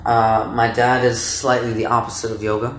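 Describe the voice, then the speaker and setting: A man's voice: mid-range voice, flat delivery, normal speed, fairly bright tone. Laid-back male guest, joking, casual chat; roomy echo. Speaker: guest, yoga teacher. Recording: roomy echo, faint noise.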